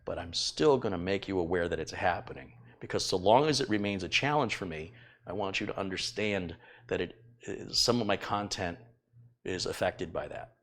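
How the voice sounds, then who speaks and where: Chatty middle-aged man, low voice. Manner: chatty, teasing, rambling with fillers. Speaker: tech YouTuber hosting a live stream. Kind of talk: casual live-stream chat reading donations. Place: home kitchen.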